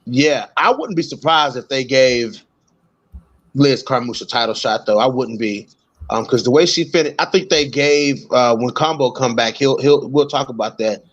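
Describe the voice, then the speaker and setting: A man's voice: medium pitch, normal speed. An easygoing man co-hosts a casual chat about fights, slangy and given to repeating himself. His voice comes through a dull, lo-fi line. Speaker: co-host.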